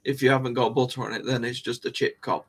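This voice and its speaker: A man's voice: mid-range voice, level tone, fast, slightly rough. A man hosting a live stream, rambling and musing aloud to his viewers in casual chat, coughing now and then.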